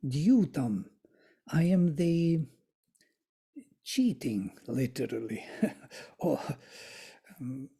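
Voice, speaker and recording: A study group teacher reading verses aloud and explaining them word by word, with soft, thoughtful asides and small self-corrections. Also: mid-range voice, expressive, extremely slow, creaky, long pauses, husky. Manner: recites verses, then glosses them word by word. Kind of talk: slow explanatory reading and commentary on scripture.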